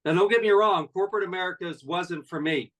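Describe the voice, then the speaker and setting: A man's voice: high voice, a little fast, fairly bright tone, recorded from a distance, low-quality recording. A man in his sixties, a network marketing leader, giving a folksy, conversational motivational talk full of personal stories.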